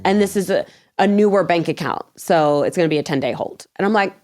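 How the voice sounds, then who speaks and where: A woman guest telling a story in an interview. She is animated, laughs often, acts out her own past words, and swears bluntly. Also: lowish voice, brisk.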